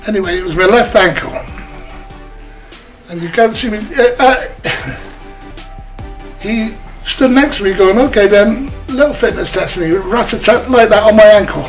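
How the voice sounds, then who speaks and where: A man's voice: high voice, unhurried, pauses often, faint music behind, poor audio. An older English man, a former footballer, telling chatty anecdotes in an interview and slipping into other people's voices. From England. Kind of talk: casual storytelling interview.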